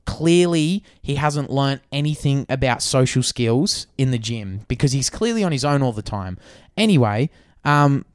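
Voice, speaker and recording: A man's voice: mid-range voice, animated, normal speed, smooth, dry recording, studio quality. A young Australian man hosting a podcast, telling a story in casual chat with lots of swearing and fillers. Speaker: podcast co-host.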